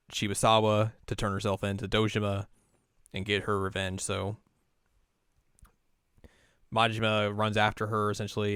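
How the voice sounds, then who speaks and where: A man's voice: on the low side, a bit bright, clear, resonant tone, no echo, studio quality. Man recapping with loose filler talk. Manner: rambling recap full of "like" fillers. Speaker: podcast co-host. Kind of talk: casual chat recapping a video game story.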